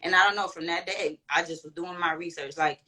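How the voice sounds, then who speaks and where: Bright-voiced woman telling a candid story. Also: fairly low pitch, steady tone, brisk, slight background noise, poor audio. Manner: candid, profane, slangy and emphatic. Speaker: guest. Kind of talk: casual storytelling chat.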